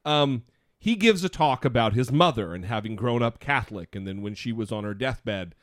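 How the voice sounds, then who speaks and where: A man co-hosting a casual podcast, with a lively, swinging delivery and quick asides. He pokes fun at himself as he talks. The recording is dry and close, with no room sound. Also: medium pitch, no echo. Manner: animated, self-mocking, quick asides. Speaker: podcast co-host.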